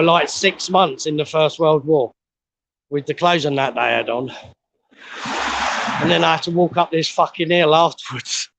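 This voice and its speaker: Breathless, gravelly man vlogging outdoors. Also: on the high side, moderate pace, long pauses, a bit bright, a little hiss or hum, rough recording. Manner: blunt, swears a lot, rambling. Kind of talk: casual walking vlog. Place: outdoors on a steep hill road.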